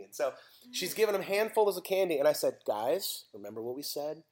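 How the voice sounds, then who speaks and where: A man, preaching a sermon and telling animated stories with acted voices. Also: a little high, a little fast. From United States. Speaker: pastor.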